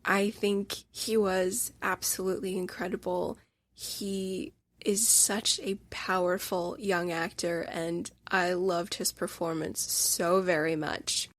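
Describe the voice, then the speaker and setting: A woman's voice: fairly low pitch, steady tone, takes it slowly, no echo. A woman hosting a solo podcast, talking through a film review in an emotional, gushing and candid way. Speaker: instructor.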